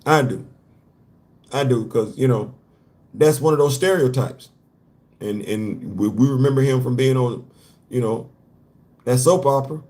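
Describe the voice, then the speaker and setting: A man's voice: mid-range voice, a little slow, long pauses, darkish tone. A man hosting a casual comic-book commentary show, talking animatedly in slang, repeating his points and laughing often. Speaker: host.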